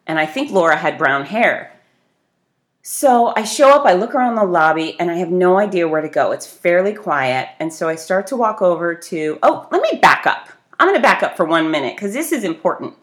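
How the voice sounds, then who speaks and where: A woman telling a casual, self-deprecating story, lively and animated, acting out people in it with big jumps in pitch. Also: moderate pace. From grew up on the beach. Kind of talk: casual anecdote.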